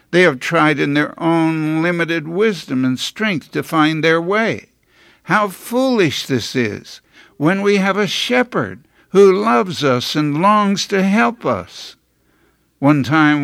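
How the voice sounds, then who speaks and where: A man delivering a scripted sermon in an earnest, measured preaching manner with emphatic rises. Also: on the high side, creaky, a bit bright, no room sound, studio quality.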